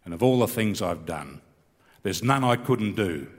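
A man's voice: fairly low pitch, lively intonation, measured pace. Australian man reciting comic bush poetry. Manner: laconic, rambling storytelling with restarts. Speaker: comedian and bush poet. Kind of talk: stand-up comedy with recited poem. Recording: long hall reverb.

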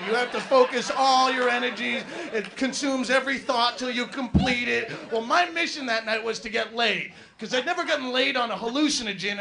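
A man doing a stand-up routine, telling a profane, rambling story with sudden shouted outbursts. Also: very high-pitched, vocal fry. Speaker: stand-up comedian.

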